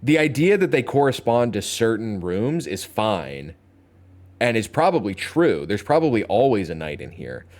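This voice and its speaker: Young male streamer, deep and animated, casual chatty game commentary. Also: normal speed. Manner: chatty, talks to chat, thinks aloud, playful. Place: home streaming setup.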